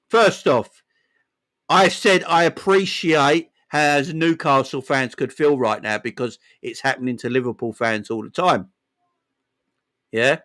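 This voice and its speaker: A young London man with an East End accent, talking casually on a live football stream. His voice sits a little high and bright, with a forceful edge. He answers the chat directly and keeps repeating himself. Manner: chatty, talks back to chat, repeats phrases, frequent "man" and "yeah".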